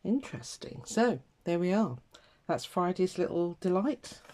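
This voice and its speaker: A woman hosting a craft video, chatting casually to herself and her viewers with laughing asides, in a rough morning voice. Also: lowish voice, very animated, measured pace, warm tone, slight background noise. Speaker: craft channel host.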